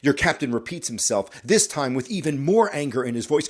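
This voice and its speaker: A man's voice: mid-range voice, lively intonation, a little fast, hardly any pauses, husky. A man hosting a podcast, telling a story in a scripted, dramatic way and talking straight to the listener. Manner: dramatic, addresses the listener directly. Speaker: podcast host.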